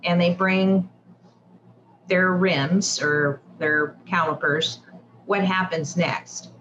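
A woman with a very low voice interviews a shop owner, encouraging him with frequent affirmations. Her follow-up questions come casually. The sound is dull and lo-fi, with faint background noise. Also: steady tone, very slow, a bit bright.

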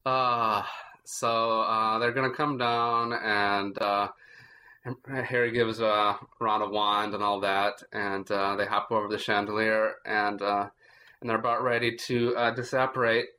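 A man hosting a casual book podcast, his voice bright and forward. He talks in a playful, loose way, stopping often on "uh" fillers as he chats. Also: lowish voice, little pitch movement, a little slow. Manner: playful, lots of fillers and laughs. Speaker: podcast host. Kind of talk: casual chat.

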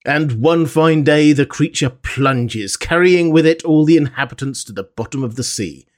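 A man's voice: a little high, lively intonation, normal speed, voice pushed up, lightly acted. A man reading the part of a hot-tempered Canadian harpooner, eager and restless in an audiobook. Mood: storytelling.

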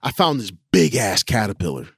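A man's voice: lowish voice, moderate pace, husky, dry recording, studio quality. A man co-hosting a casual podcast, telling stories with lots of laughter and swearing. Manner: animated, laughing storyteller who swears a lot. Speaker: podcast co-host. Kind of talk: casual chat, storytelling.

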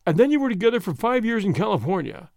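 A man's voice: sits high, very animated, quick pace, gravelly, darkish tone, no room sound, clean studio sound, pitched above the performer's own voice, full character voice. A man reading an audiobook, voicing a stern police inspector who questions in an insistent, formal way. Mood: probing.

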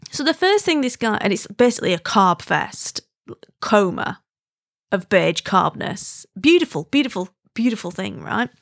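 A woman's voice: medium pitch, big pitch swings, normal speed, creaky, fairly bright tone, no echo, studio quality. A married woman from Wigan with a Wigan accent, telling a story in an emphatic, chatty way and often asking "right?". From Wigan, northern England. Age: adult, married. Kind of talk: casual storytelling.

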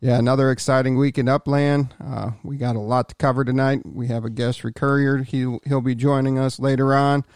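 Male podcast host, casual and rambling, mid-pitched, dry close recording. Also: little pitch movement, a little fast, few pauses, darkish tone, no echo. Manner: rambling, with fillers and restarts.

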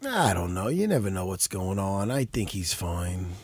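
A man's voice: deep voice, very animated, normal speed, a little mellow, slightly rough, dry recording. A man co-hosting a casual talk show, rambling and swearing, with lots of restarts. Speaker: podcast co-host. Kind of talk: casual profane chat.

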